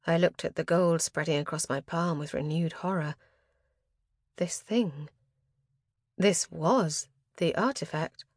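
A woman reading a first-person fantasy novel aloud, expressive and dramatic, with tense rises at moments of action. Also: low voice, no echo, clean studio sound. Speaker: audiobook narrator.

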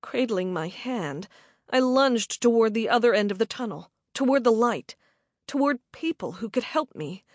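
A woman narrating a suspense story in the first person with measured, dramatic delivery. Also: on the high side, expressive, no room sound, clean studio sound. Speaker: audiobook narrator.

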